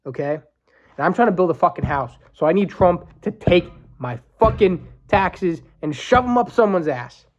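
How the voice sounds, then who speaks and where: A man's voice: a little high, muffled recording. Fired-up profane young man ranting. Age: 20s. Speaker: podcast host. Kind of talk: ranting solo podcast.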